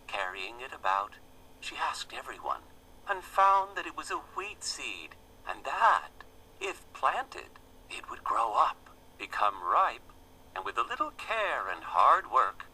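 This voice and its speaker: A man reads a children's fable slowly and expressively, his pitch rising and falling with great animation. His voice is bright and crisp, with a faint hiss behind it. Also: rough recording. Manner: gentle, expressive storybook reading. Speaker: storyteller. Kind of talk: reading a children's fable aloud.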